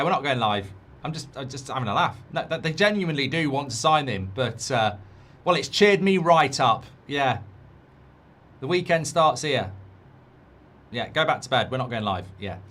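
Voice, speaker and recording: A man's voice: mid-range voice, fairly bright tone. A man hosting a football watchalong, talking in a sarcastic, blunt, rambling way. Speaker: host.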